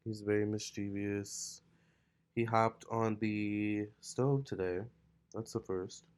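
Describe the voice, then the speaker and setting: A man's voice: fairly low pitch, takes it slowly, clear, resonant tone. A man who reads tarot, talking casually at home with loose fillers, recorded on a laptop or camera mic. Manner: relaxed, loose, full of "like" and "you know". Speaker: tarot reader and vlogger. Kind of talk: casual vlog talk. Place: his home, with a cat nearby.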